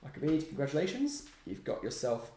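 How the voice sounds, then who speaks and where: A man's voice: on the high side, very animated, fairly quick, dark tone. A young man chats his way through a live stream, his voice swinging up and down a lot. He talks in a light, slightly raised register, playfully dramatic and chatty throughout. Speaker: hobby streamer. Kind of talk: casual live-stream chat.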